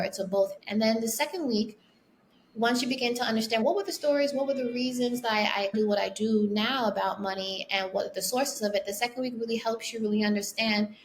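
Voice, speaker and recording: A woman's voice: fairly high pitch, slight background noise. A woman speaking as a podcast guest and author, earnest and reflective, talking in long flowing sentences. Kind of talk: casual interview talk.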